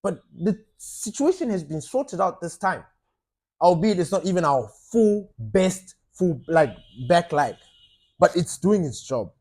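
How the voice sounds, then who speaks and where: A man's voice: on the high side, darkish tone. A man talking casually and animatedly as a football fan channel host, swearing now and then and repeating himself for emphasis. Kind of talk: casual opinion monologue.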